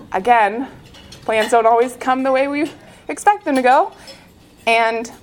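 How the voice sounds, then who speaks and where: A woman who is a former Olympic swimmer gives an inspirational faith talk, telling her story in an earnest, animated way. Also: fairly high pitch, slight background noise.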